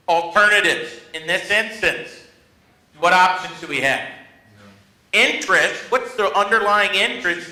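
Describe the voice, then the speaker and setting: A man with a high, very bright, forceful voice leads a negotiation workshop for a live class. He teaches in a humorous, self-mocking storytelling manner. The sound rings around an echoey training room.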